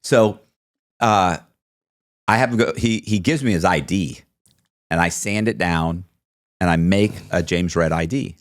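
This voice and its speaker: A man's voice: deep voice, unhurried, pauses often, no room sound, clean studio sound. A man telling a story in a casual interview, acting out both sides of the conversations he recounts. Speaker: podcast guest telling his story.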